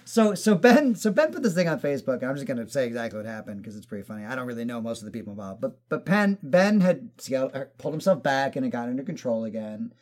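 A man telling stories in casual chat, animated and profane, acting out other people's lines. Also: medium pitch, fast, hardly any pauses. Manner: animated storyteller, swears, acts out quotes.

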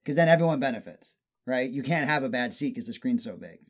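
A man's voice: medium pitch, lively intonation, quick pace. Profane man ranting in casual chat. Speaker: podcast co-host.

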